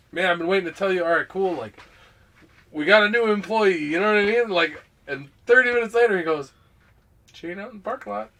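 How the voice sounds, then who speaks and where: A man's voice: on the high side, a bit bright. A man co-hosting a podcast in casual chat, rambling with many restarts as he makes his points. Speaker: podcast co-host.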